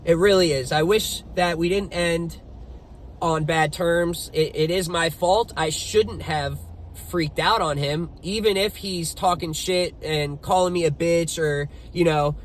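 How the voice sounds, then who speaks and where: A young man with a high-pitched voice tells his story at an unhurried pace, swearing freely and leaning hard on his words. A faint hiss of background noise sits under the recording. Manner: profane, emphatic, animated retelling. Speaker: business owner telling his story. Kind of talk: casual storytelling to camera.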